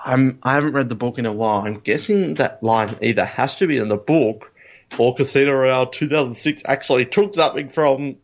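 A man co-hosting a podcast, chatting casually about a film, rambling and laughing, getting animated when amused. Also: medium pitch, a little fast. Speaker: podcast co-host. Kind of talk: casual film review chat.

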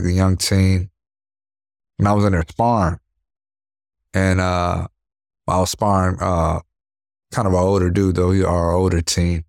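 A young man with a very low, deep voice tells his boxing stories in casual interview talk. He acts out blows with sound words and keeps checking in with "you know what I mean." The sound is dry and close. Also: dry recording. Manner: animated storyteller, acts out punches with sound words. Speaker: professional boxer, interview guest.

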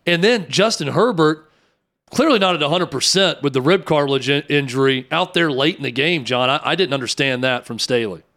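Fairly high-voiced male sports host. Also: fairly quick, a bit bright. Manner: asks long, winding questions. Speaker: sports talk show host. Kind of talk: sports talk radio interview.

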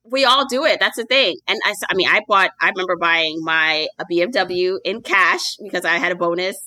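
A woman co-hosting a casual conversation, telling quick anecdotes with a laugh. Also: fairly low pitch, sharp tone, no room sound. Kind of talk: casual chat.

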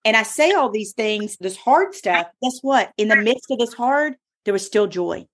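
Podcast host, woman, medium pitch, emphatic storyteller. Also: lively intonation, moderate pace, fairly bright tone. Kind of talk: casual podcast chat.

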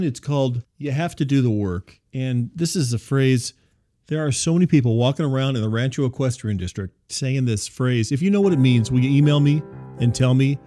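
A man hosting a comic audio show, telling rambling neighborhood stories in a dry, deadpan way with wry asides. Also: medium pitch. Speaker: host.

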